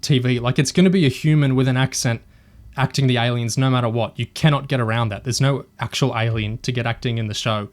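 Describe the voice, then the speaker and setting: A man's voice: mid-range voice, steady tone, fast. Opinionated man on a podcast. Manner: hesitant, restarts often, opinionated. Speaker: podcast co-host. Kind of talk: casual discussion podcast.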